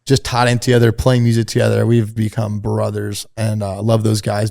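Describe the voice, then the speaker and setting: A man's voice: fairly low pitch, vocal fry. A man guest on a podcast, telling a story in casual, slangy talk and acting out the people he quotes in a raised voice. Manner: animated, acts out quoted dialogue in a raised voice; laid-back slangy talk. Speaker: podcast guest, fashion brand founder. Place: host's glass studio.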